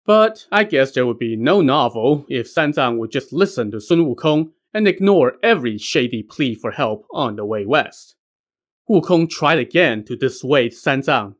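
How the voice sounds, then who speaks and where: A man's voice: mid-range voice, lively intonation, normal speed. A man narrating a classic legend as a podcast host, with casual joking asides. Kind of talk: scripted story narration.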